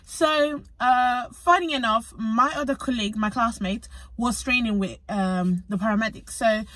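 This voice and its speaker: A young British woman, a physician associate student, telling a story in a chatty, animated vlog. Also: on the high side, moderate pace, no room sound. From United Kingdom. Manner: chatty and animated, acts out conversations.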